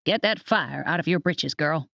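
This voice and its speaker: A woman's voice: low voice, animated, moderate pace, gravelly, a bit bright, no room sound, full character voice. A woman voicing a stern older witch grandmother who speaks in clipped, curt lines. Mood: gruff.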